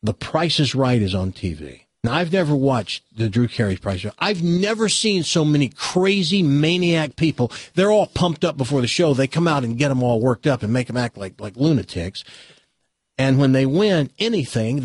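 A man's voice: medium pitch, lively intonation, moderate pace, breathy edge, dry recording. A man hosting a radio show, chatting casually and telling a long joke in a folksy way, acting out the quotes. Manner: folksy storyteller, acts out quotes. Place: radio studio.

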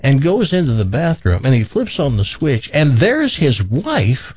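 A male morning radio host telling a long joke, acting out the characters in a lively way. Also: mid-range voice, a little slow, slightly rough, no echo, dull audio. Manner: animated storyteller, acts out characters.

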